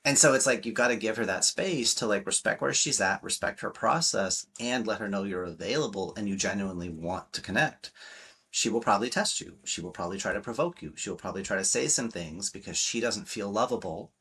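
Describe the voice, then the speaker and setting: Blunt, forceful-voiced male coach. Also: fairly low pitch, fairly quick, slightly rough. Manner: emphatic, blunt, swears freely, acts out quotes. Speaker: relationship coach and guest. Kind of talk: podcast interview talk.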